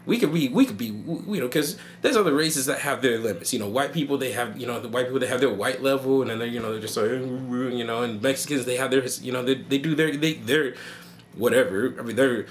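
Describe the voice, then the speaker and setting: Male vlogger, mid-pitched, rambling comic rant, jokey and animated. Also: a little fast, slight background noise. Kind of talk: comedic rant.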